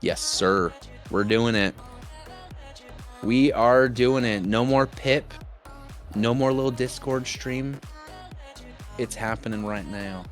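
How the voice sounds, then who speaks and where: A man casting a live esports match as play-by-play commentator, jokey and excitable with loud bursts of enthusiasm. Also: medium pitch, slow, long pauses. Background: music.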